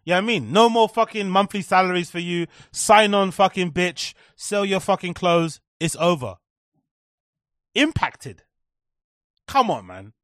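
A man's voice: high-pitched, lively intonation, moderate pace, hardly any pauses, a bit bright, no room sound, studio quality. A man hosting a podcast, ranting sarcastically and profanely about online clips, with mocking impressions. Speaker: podcast host. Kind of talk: comedic commentary on clips.

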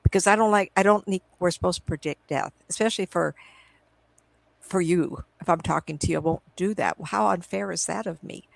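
Talking briskly in a lowish, creaky voice, this middle-aged woman, a psychic medium, chats in a meandering way over a video call. She tells stories casually during the live interview, repeating lines from her earlier conversations, and the recording is rough though free of echo.

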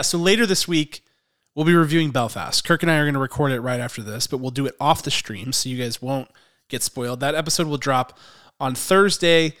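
A man's voice: mid-range voice, fairly bright tone. A man hosting a movie podcast in casual chat, rambling with lots of fillers. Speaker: podcast host.

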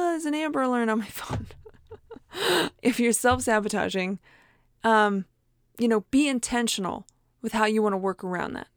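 A woman's voice: on the high side, dry recording, clean studio sound. A woman giving a casual motivational talk in a chatty, encouraging way, laughing often and acting out inner voices. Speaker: motivational speaker.

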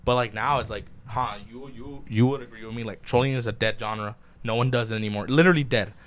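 A young man in a relaxed podcast chat, talking at an ordinary pitch. He strings his stories along loosely with plenty of filler words. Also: fast talker. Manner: loose, storytelling, heavy "like" filler. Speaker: podcast co-host. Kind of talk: casual chat.

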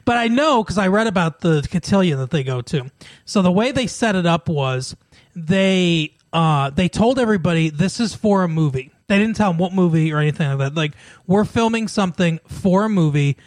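High-voiced man chatting on a podcast. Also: animated, normal speed, no echo. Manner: chatty, laughs often while retelling scenes. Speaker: podcast co-host. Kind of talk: casual chat.

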